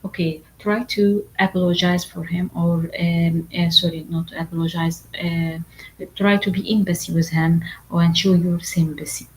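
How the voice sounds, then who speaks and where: A woman whose first language is Arabic, lecturing medical exam candidates in a halting, repetitive way, full of fillers and asking "okay?" often. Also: lowish voice, fairly even intonation, slight background noise, poor audio. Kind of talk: online lecture.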